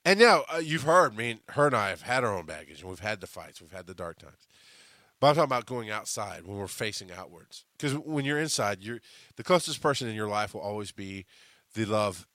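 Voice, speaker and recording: A man's voice: fairly low pitch, fairly quick, no echo, studio quality. A man hosting a podcast, telling stories in a casual, profane monologue with lots of restarts. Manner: profane, animated storytelling with frequent restarts. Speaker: podcast host.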